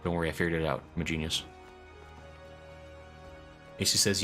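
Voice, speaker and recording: A man's voice: low voice, a little fast, long pauses, fairly bright tone, faint music behind. A man streaming a game, chatting casually and reading chat messages aloud. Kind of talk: casual live-stream commentary.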